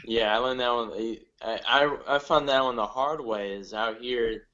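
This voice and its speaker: A young man from northern Ohio with a Midwestern accent talks as a podcast guest. His stories come out halting and hesitant. The recording sounds slightly dull. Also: mid-range voice, steady tone, sharp tone. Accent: Midwestern American. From northern Ohio, USA. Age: young adult. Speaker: guest comedian. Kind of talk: casual interview chat.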